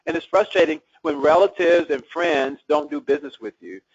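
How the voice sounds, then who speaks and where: A man delivers a live real estate seminar, keeping it conversational and throwing questions out to the room. His voice sits a little high for a man and has a husky edge. The recording is dry and dull, with a lo-fi sound. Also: brisk, no echo. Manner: conversational, asks the audience questions. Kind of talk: live seminar talk to an audience.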